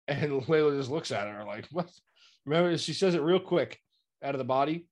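Animated man recapping a show. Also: medium pitch, a little fast. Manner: animated, acts out quotes. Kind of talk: casual recap chat.

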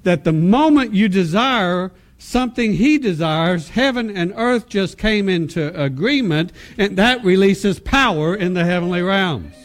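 A conference speaker preaches a personal testimony, telling it animatedly with laughter and acted-out dialogue, and often stammers into restarts when he turns reflective. His voice is high-pitched and a little slow, with few pauses.

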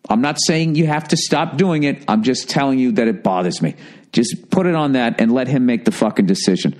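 A man's voice: medium pitch, lively intonation, brisk, a little mellow. Man, middle-aged, podcast host, blunt, profane, rambling advice. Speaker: podcast host answering listener letters. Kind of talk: casual advice rant.

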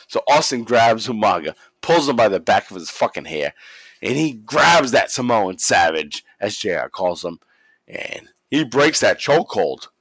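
Profane animated man recapping wrestling. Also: lowish voice, normal speed, breathy edge, no echo. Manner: animated storytelling, profane, acts out quotes. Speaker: podcast co-host recapping wrestling. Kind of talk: casual chat.

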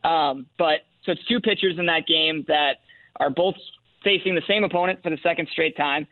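A man calling in as a sports betting analyst, laying out his picks in a relaxed way with fillers and measured reasoning. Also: fairly high pitch, no echo. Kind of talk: phone-in radio sports picks. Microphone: phone line. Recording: tinny dry phone line.

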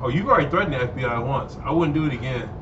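A man's voice: medium pitch, lively intonation, recorded from a distance. A man chatting casually as co-host, teasing and jumping in, then apologizing. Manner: interjecting, teasing, quick to apologize. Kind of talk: casual chat. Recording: echoey dull room with noise, off-mic.

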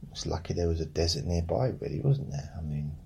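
A man reading a bedtime fairy tale aloud, breaking off for deadpan jokes. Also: low-pitched, fairly quick, gravelly, breathy edge, poor audio. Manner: deadpan, joking. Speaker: storyteller. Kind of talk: bedtime story reading with comic asides.

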